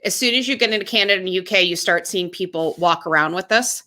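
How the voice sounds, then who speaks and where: A woman co-hosting a casual podcast chat, talking in quick, chatty asides. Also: on the low side, bright, forceful tone. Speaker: podcast co-host.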